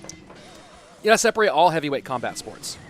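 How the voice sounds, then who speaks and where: A man in his thirties casting an esports stream, his voice sitting a touch high. He talks in a loose, conversational way and thinks aloud as he answers viewers. Quiet music plays underneath. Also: big pitch swings, moderate pace. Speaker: esports caster. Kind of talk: casual stream chat reading viewer questions.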